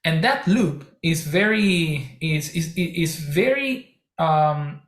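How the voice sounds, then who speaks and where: A man being interviewed as a researcher, giving careful, halting academic explanations. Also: fairly high pitch, expressive. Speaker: researcher guest. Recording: echoey room.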